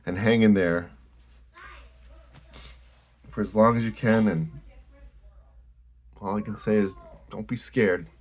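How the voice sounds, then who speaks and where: A man with an Australian accent hosting a casual card-opening video, relaxed, blunt and a bit sweary. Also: fairly low pitch, slow pace, pauses often. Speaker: host.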